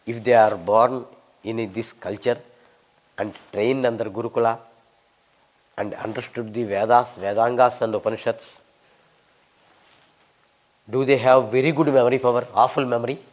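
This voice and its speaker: A man in his sixties with a Telugu accent, a visiting scholar answering questions in a fast, humorous and emphatic way. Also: mid-range voice, fairly even intonation. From Telugu-speaking South India. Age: 60s. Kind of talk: lecture-style Q&A.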